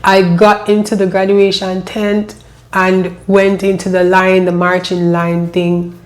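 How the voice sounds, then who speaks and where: A woman telling her own life story, emotional and halting, often repeating her phrases. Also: medium pitch, flat delivery. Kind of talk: personal storytelling.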